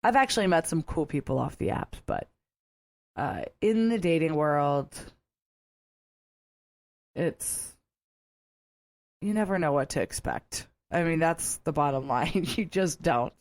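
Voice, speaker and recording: A woman's voice: low-pitched, lively intonation, a little slow, pauses often, darkish tone, dry recording. A woman in her thirties hosting a podcast, telling rambling stories in a chatty way and laughing often. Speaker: podcast host. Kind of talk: casual solo storytelling.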